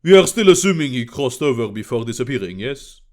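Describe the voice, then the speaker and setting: A man's voice: mid-range voice, sing-song, fairly quick, darkish tone, natural voice. A man voicing a burly, brash French spy with a thick French accent. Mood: brusque.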